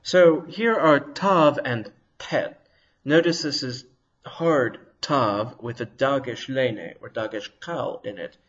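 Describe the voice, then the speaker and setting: A man's voice: mid-range voice, slow pace, fairly bright tone, low-quality recording. A man teaching a recorded language lesson, explaining patiently and sounding out consonants to demonstrate them.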